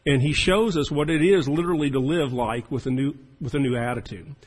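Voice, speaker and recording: A man's voice: a little high, fairly quick, husky, poor audio. A man preaching a sermon as the pastor, in a folksy and chatty storytelling manner.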